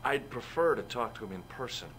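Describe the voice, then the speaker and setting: A man's voice: mid-range voice, animated, brisk, a crowd in the background, lightly acted, poor audio. An actor playing an earnest young male investigator in a game, speaking in a plain, earnest way.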